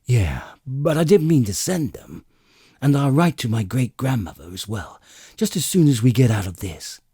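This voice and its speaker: In an audiobook reading, a man voices a flustered, evasive male alien adventurer who stammers with many "uh"s and pleads in a hurry, sounding nervous. His mid-range voice is very animated and warm with a breathy edge, pushed up. The recording is dry and clean, studio quality.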